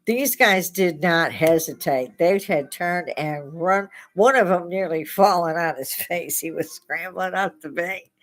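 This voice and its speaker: A woman with a slightly low voice tells spooky stories in a loose, chatty way. She laughs often as she talks, like a host chatting with friends. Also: measured pace, few pauses. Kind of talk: casual storytelling.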